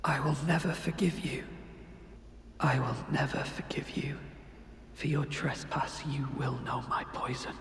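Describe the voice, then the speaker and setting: Drowsy game sleeper, slow and languid, roomy echo, long reverb. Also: male voice, mid-range voice, steady tone, creaky, fairly bright tone, slight background noise. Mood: resentful. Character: devoted dreamy male sleeper, drifting in poison.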